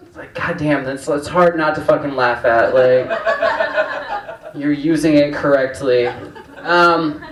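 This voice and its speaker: A man's voice: fairly high pitch, measured pace, pauses often, noisy background. A man hosting a stand-up comedy night, telling rambling, profane stories full of fillers. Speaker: comedy show host. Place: comedy club stage. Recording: roomy, distant club recording.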